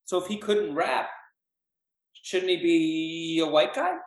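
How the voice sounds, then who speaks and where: A man's voice: fairly high pitch, takes it slowly. A man co-hosting a casual podcast, giving dry, wry commentary and teasing the others. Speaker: podcast co-host. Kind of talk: casual chat. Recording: roomy echo.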